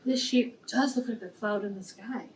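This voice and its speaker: Woman teacher reading a kids book, high voice, kinda far from the mic in an echoey room. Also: normal speed. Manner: gentle, explains words to kids. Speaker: preschool teacher. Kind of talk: reading a picture book aloud to young children. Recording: echoey room, distant mic, faint noise.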